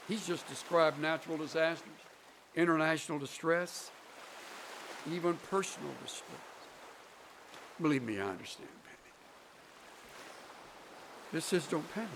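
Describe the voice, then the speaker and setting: A man preaching a sermon slowly and emphatically, leaning on deliberate pauses and prayer. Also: fairly high pitch, animated, background noise. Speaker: pastor. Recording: sermon recording under ocean wave sounds.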